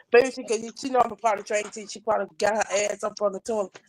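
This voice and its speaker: A woman's voice: medium pitch, steady tone, fast, poor audio. A woman from North Carolina, chatting casually on a live panel, rambling with repeated restarts and frequent laughter. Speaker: live panel chat guest. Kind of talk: casual chat.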